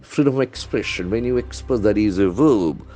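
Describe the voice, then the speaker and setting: A man with a lowish, dark voice teaches vocabulary from the news at a moderate pace. Working as an English trainer in a newspaper vocabulary lesson, he spells words letter by letter and repeats them.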